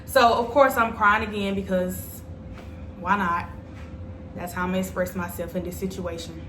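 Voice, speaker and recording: A woman's voice: mid-range voice, fairly even intonation, moderate pace, background noise. Chatty young woman in an echoey room. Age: young adult. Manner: chatty, dramatic storyteller speaking straight to viewers. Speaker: vlogger. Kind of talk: storytime vlog.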